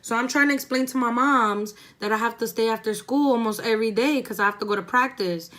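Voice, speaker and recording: A woman's voice: fairly high pitch, fast, fairly bright tone. A young woman vlogger who tells a story in a chatty, laid-back way while doing her makeup, swearing freely. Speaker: beauty vlogger.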